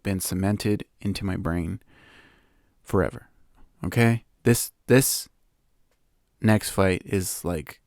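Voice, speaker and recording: A young man hosting a podcast, retelling a movie's plot in a loose, excited ramble full of fillers and little laughs. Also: on the low side, vocal fry, no echo, clean studio sound. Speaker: podcast host. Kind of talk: casual movie recap.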